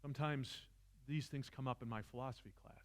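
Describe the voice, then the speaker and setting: In a church seminar room, a male philosophy teacher lectures with passion in a mid-range voice, going a little fast. He builds up to near-shouting at times and pokes fun at himself.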